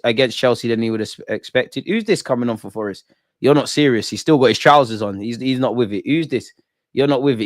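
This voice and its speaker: A young man reacts live to a football match, cracking jokes in thick slang and shouting out his chat. His voice sits in an ordinary middle pitch. The sound is dry and close, with no room echo. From England. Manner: excitable, jokey, slangy, talks to chat. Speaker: football watch-along streamer. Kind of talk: live match watch-along banter.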